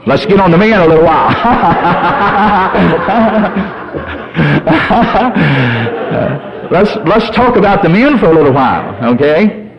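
A man preaching a sermon as a pastor, folksy and animated, telling humorous stories. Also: fairly high pitch, quick pace, crowd noise. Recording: dull lo-fi sermon recording.

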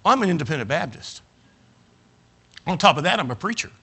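Older preacher, folksy self-mocking storyteller, slightly high, sharp-toned voice. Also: male voice, sing-song, brisk, slightly rough. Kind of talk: sermon with humorous personal anecdote.

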